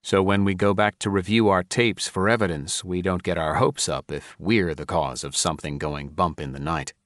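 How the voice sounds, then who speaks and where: A man with a deep voice narrates a first-person mystery audiobook, telling the story in a measured, even way. The recording is dry, clean studio sound.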